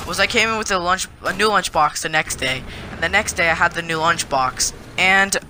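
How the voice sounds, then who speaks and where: A male vlogger telling a story to the camera in an animated, indignant way. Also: high voice, normal speed, slight background noise.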